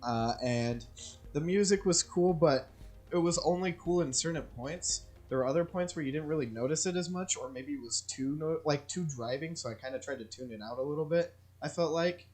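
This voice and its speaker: A man's voice: fairly high pitch, fairly quick, darkish tone, soft background music. A man co-hosting a casual movie review chat, loose and jokey, laughing easily. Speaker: podcast co-host.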